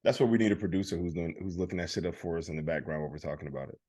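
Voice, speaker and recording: A man's voice: deep voice, very fast, mellow, breathy edge. A man from Alabama co-hosting a podcast in casual chat, laid-back and laughing often. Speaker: podcast co-host.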